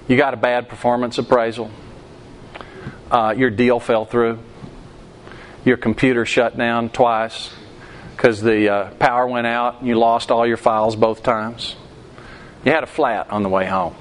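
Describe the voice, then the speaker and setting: A man's voice: medium pitch, steady tone, a little slow, pauses often. A man preaching a sermon, quizzing the congregation with questions and acting out quoted outbursts. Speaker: pastor. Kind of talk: interactive sermon.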